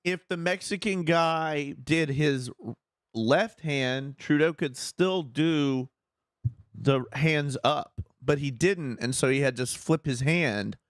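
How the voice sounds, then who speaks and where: A man hosting a comedy call-in show, excitedly riffing and pointing things out in casual banter. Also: a little high, slow, clean tone, no echo, studio quality.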